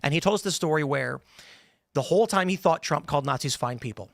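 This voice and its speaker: A man's voice: a little high, fast talker, vocal fry, fairly bright tone, dry recording, clean studio sound. A male podcast host in a casual panel discussion, telling rambling stories and acting out quotes in different voices. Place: studio.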